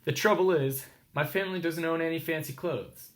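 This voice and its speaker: A man with an American accent reading a children's picture book aloud slowly, stopping to explain words and ask listeners questions. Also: on the high side.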